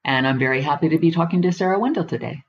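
A woman's voice: deep voice, rapid-fire, dull audio, a little hiss or hum. A woman from Pittsburgh who is an audiobook narrator and actress, chatting in an interview and reminiscing with frequent hesitant fillers. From Pittsburgh, USA. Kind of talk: casual interview chat. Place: remote from host, living in England.

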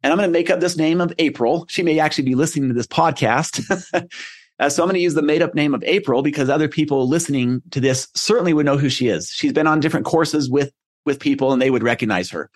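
A man's voice: a little high, quick pace. Earnest man hosting a motivational podcast. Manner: earnest, storytelling, conversational. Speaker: podcast host.

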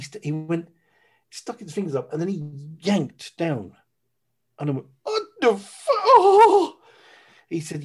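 A man's voice: a little high, dark tone, slightly rough. A man in his thirties telling a candid, sweary story as a podcast guest. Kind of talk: casual storytelling.

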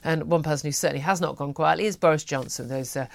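A woman's voice: low-pitched, fast, gravelly. A woman hosting a morning radio talk show, chatty and opinionated, with many fillers. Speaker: radio host.

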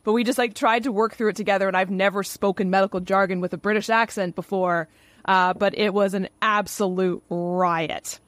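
A woman with a Canadian accent hosting a podcast interview, chatty and quick to laugh. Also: mid-range voice, steady tone, no echo. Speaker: podcast host. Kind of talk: casual interview.

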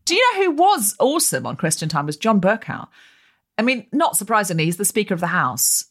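A woman hosts a comedy podcast from a video call. Her pitch climbs and falls a great deal as she tells stories, and she slips into quick impressions of the people she quotes. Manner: animated storytelling, mimicking others in quotes. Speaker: podcast host. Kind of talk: casual comedic chat.

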